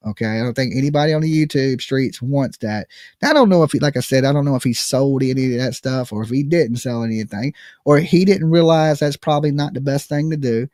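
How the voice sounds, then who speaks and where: A man's voice: mid-range voice, a little mellow, no room sound, clean studio sound. A man hosting a live call-in stream, chatting casually and profanely, joking at his own expense and saying "okay" often. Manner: joking, self-mocking. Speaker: live call-in show host. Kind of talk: casual rambling livestream chat.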